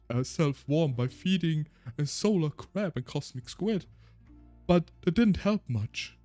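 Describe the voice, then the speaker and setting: Chatty man streamer, slightly high voice. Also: darkish tone. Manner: chatty, laughs often, stumbles and restarts. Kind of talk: casual chat while reading game text aloud.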